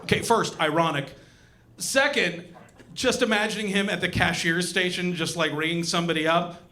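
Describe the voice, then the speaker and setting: A young man performing a stand-up comedy set on a club stage, animated and acting out the voices of the people in his jokes. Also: high-pitched, moderate pace. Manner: animated, acts out voices and punchlines.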